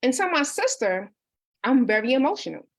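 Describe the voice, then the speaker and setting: Reading viewer comments aloud during a livestreamed book discussion, this thirtysomething life coach sounds earnest and personal, often restarting and dropping in "you know." Her high voice is very animated with a breathy edge, at normal speed.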